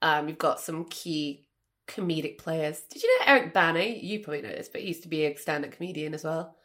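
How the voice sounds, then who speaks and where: A woman's voice: low voice, expressive, brisk, a bit bright. A woman hosting a casual film chat, rambling through questions and laughing often. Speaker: host.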